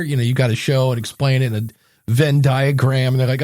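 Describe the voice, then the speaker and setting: A man's voice: medium pitch, fairly even intonation, fairly quick, darkish tone, dry recording, clean studio sound. A man co-hosting a podcast, chatting casually and telling rambling stories in which he acts out the people he quotes. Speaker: podcast co-host and coach. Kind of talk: casual podcast chat with sponsor reads.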